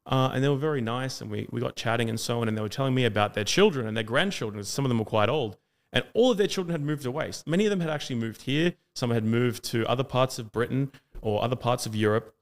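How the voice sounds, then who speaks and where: Argumentative Australian man, mid-pitched. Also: fast talker. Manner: argumentative, long run-on sentences with frequent fillers. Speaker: debater. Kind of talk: argumentative debate monologue.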